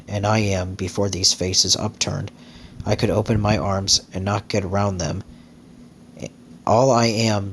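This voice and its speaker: A man's voice: lowish voice, a bit bright, a little hiss or hum. A man reading as a dreamy starlet. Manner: slow, rapturous, incantatory. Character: dreamy glamorous young actress, woman.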